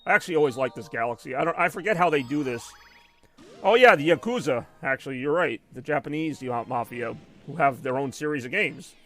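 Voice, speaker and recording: A young man with a mid-range, slightly bright voice chats casually while playing a video game on a live stream. He rambles conversationally and fills his talk with plenty of fillers.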